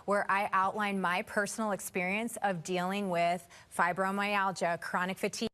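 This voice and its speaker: Female doctor-author, mid-pitched voice, measured and rehearsed delivery. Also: flat delivery, bright, forceful tone, clear, resonant tone. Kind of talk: TV interview self-introduction.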